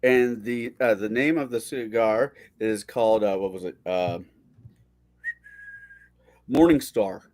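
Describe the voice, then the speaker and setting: A man chatting on a casual stream as a guest, telling animated stories and swearing freely. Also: on the low side, slow pace, long pauses. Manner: animated storyteller, swears a lot.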